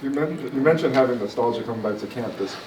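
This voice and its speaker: A male reporter strings together a long question at a fast clip. His voice sounds distant and roomy, with a faint noise floor behind it. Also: mid-range voice, darkish tone. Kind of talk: press questions.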